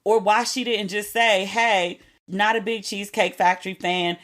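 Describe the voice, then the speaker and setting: A woman's voice: mid-range voice, steady tone, moderate pace, a bit bright. A young woman hosting a podcast, telling stories in a candid, casual way with slang and profanity. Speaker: podcast host. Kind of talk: casual solo chat.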